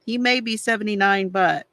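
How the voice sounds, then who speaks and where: A woman's voice: medium pitch, fairly bright tone, no echo. A middle-aged woman hosting a craft livestream, chatting casually and confidingly while she colors, with frequent sighs. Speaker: craft channel host.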